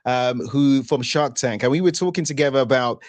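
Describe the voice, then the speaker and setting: A man's voice: medium pitch, fairly quick, no echo. A man hosting an interview show, chatting and asking questions in a loose, conversational way. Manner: chatty, with frequent fillers and restarts. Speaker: host and entrepreneur.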